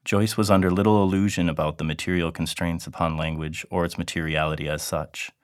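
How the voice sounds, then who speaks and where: A man reading an academic lecture in a measured, deliberate way. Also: low voice, flat delivery, no room sound, clean studio sound.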